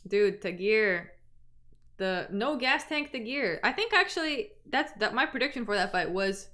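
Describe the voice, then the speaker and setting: A woman's voice: mid-range voice, sing-song, a little slow, fairly bright tone. A woman in her twenties from Canada, hosting a livestream and chatting casually with viewers, often trailing off and restarting her sentences. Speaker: livestream host.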